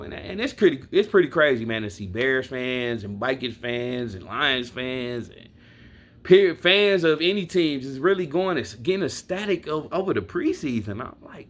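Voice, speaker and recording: Animated and at a moderate pace, a fairly high-pitched man from Milwaukee, Wisconsin airs his frustrations about his football team in a casual fan rant. He's a sports vlogger speaking bluntly and profanely to his viewers, with a touch of hiss or hum audible.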